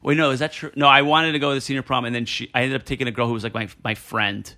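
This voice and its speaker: A man telling animated stories from his school days in casual chat, with many fillers and restarts. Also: medium pitch, very fast. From New Jersey.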